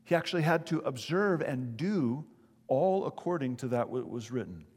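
Guy preaching a sermon, earnest, slow scripture reading, reverby hall sound. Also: medium pitch, very animated, a little mellow, husky. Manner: earnest preaching, reads scripture aloud slowly. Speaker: pastor.

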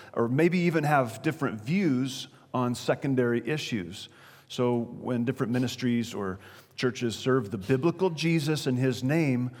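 A man preaching a sermon in a conversational way, often checking in with his listeners. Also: mid-range voice. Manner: conversational, asks the audience questions. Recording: long reverberant hall.

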